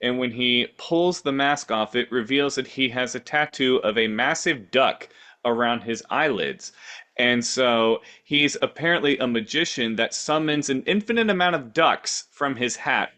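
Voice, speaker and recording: Bright, playful rambling man. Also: medium pitch, unhurried. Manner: playful, rambling storytelling with silly voices. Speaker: podcast co-host. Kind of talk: casual improv chat.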